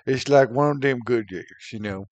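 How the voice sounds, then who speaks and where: A man playing an easygoing, slow-witted co-host with a Louisiana accent and a laid-back, rambling drawl. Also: mid-range voice, dry recording, muffled recording, close to an everyday voice.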